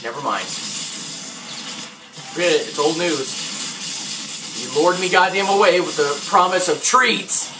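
A young man giving crude, profane gameplay commentary, ranting loudly and then muttering under his breath. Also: on the high side, a little slow, pauses often, far from the mic, music in the background. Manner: loud, crude, ranting, jumps between yelling and muttering. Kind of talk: profane let's-play commentary.

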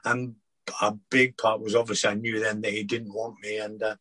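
An older former footballer, husky-voiced, recalling his career in a halting interview chat full of restarts. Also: fairly low pitch, level tone, sharp tone, no echo, low-quality recording. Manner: halting, many restarts and repeated words.

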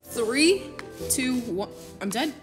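A woman narrates her own gameplay in a fairly high voice, excitable and rambling as she trash-talks her enemies. Background music plays clearly underneath her voice. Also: slow. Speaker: gamer. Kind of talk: let's-play commentary.

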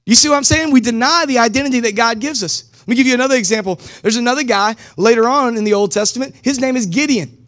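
High-voiced, energetic man preaching. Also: quick pace, few pauses. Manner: energetic, conversational preaching with casual slang. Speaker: pastor. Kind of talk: sermon. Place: church service streamed live.

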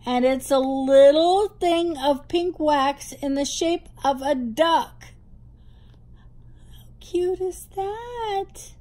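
On her hobby vlog, a woman with a New Jersey accent does a casual show-and-tell unboxing, gushing with delight over cute little things. Her voice is high and mellow, and she speaks very slowly.

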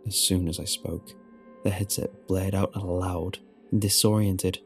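A man narrating a first-person horror story in a low, measured storytelling delivery. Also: flat delivery. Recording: soft music underneath.

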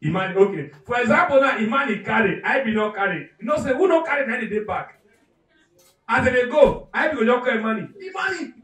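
A man with a Nigerian accent doing live stand-up comedy, animated and loud, acting out characters and shouting punchlines. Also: very high voice, fast talker, reverberant, recorded from a distance, rough recording. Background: audience.

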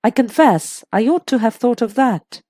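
A woman voicing a thoughtful older man, a retired police chief, in a measured, musing way. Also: on the high side, animated, warm tone, no room sound, clean studio sound.

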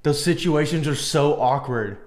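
A man's voice: a little high, unhurried, darkish tone. A man hosting a reaction video, joking crudely and sarcastically as he comments on clips. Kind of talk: casual commentary.

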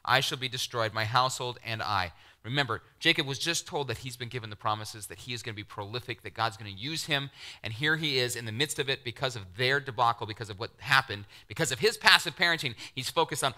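A middle-aged man preaching a sermon, animated, acting out the voices he quotes and dropping to near-whispers. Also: mid-range voice, fast. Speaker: pastor.

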